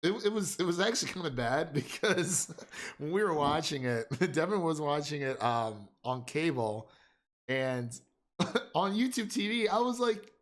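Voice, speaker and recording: A young man hosting a casual film chat, animated and rambling, laughing often. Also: on the high side, measured pace. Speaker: film podcast host.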